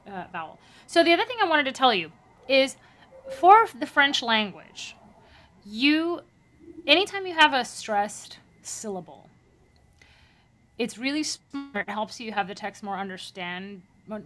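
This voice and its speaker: A woman voice teacher giving a masterclass, coaching a singer in an encouraging, lively way and demonstrating French phrases aloud. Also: medium pitch.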